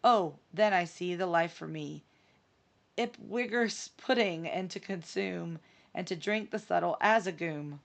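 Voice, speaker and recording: A woman's voice: lowish voice, creaky. Woman reading as dreamy sing-song herring girls. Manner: slow sing-song, grating. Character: dreamy young herring daughters singing.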